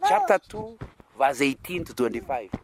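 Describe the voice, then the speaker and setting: A man's voice: mid-range voice, huge pitch swings, moderate pace, crowd noise. A man with a Kenyan accent, from Kenya, preaching an interactive sermon. He keeps checking in with his listeners through rhetorical questions and chuckles.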